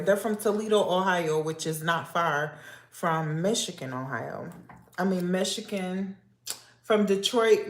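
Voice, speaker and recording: Woman livestream host, slow drawn-out talk, low voice, nosy and confiding, echoey room, faint background noise. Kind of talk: casual livestream chat with viewers.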